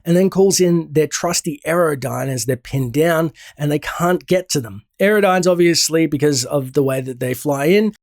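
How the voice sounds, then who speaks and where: A man recapping a comic book story in a relaxed, conversational way, thinking aloud as he goes. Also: fairly high pitch, normal speed, hardly any pauses, dry recording, studio quality. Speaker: game lore channel host.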